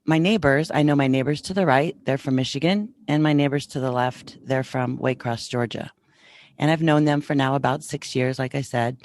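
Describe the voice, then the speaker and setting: A middle-aged woman with an extremely low voice speaks at normal speed over slight background noise. Hosting a podcast, she tells a story chattily, acting out the lively back-and-forth of what people said.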